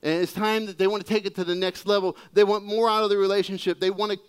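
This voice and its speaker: A man's voice: high voice, flat delivery, fast, smooth. A man preaching a sermon in a conversational, humorous storytelling way. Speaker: pastor.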